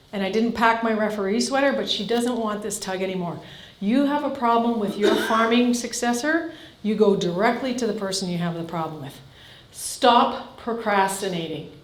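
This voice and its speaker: A woman in her fifties from Canada, a farm family coach giving a live seminar, blunt and direct, firing questions at the audience. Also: mid-range voice. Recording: echoey hall.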